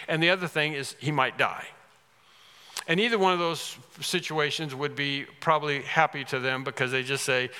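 Male preacher, slightly high, bright tone, emphatic sermon delivery, long hall echo. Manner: earnest, emphatic, with restarts and sudden rises.

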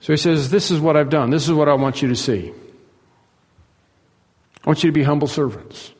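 Male pastor, emphatic sermon delivery, slightly high voice, reverberant hall. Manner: emphatic, swings between soaring and hushed.

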